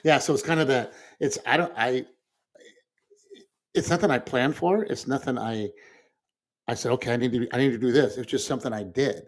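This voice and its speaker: A grieving man, co-host of a talk show, telling a personal story in casual conversation, halting and restarting, with soft laughs. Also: mid-range voice. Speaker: podcast co-host.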